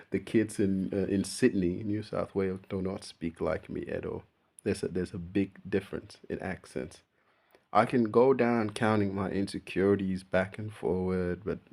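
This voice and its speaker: A man's voice: sits low, vocal fry. A young man chatting casually to camera in a laid-back, slangy way, often calling the listener bro and laughing at himself. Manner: relaxed slangy talk, calls the listener bro; laughs at himself while telling stories. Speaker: vlogger. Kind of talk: casual personal chat to camera.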